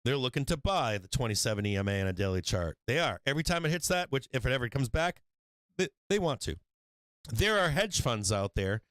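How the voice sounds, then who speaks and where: A man's voice: mid-range voice, a bit bright, no room sound. A man hosting a stock market live stream, giving heated, profane commentary in an emphatic, fired-up way.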